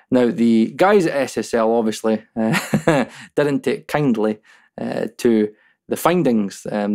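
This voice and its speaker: A man's voice: mid-range voice, a little mellow. A man from the UK hosting his mixing channel, talking casually in a rambling way with frequent laughs, fillers and the odd swear word. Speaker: YouTube mixing channel host. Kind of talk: casual vlog monologue.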